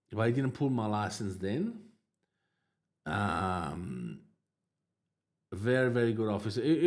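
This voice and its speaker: A man hosting a livestream, telling a personal story in a casual, halting way, with lots of fillers and restarts, laughing at his own tale. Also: lowish voice, darkish tone. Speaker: livestream host.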